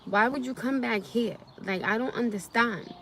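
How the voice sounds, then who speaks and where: A young woman vents angrily on a live stream, circling back over the same complaint again and again. Her voice sits fairly high. She talks from a parked car, with a faint vehicle hum behind her. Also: normal speed, creaky. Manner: angry, repetitive ranting. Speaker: livestreamer.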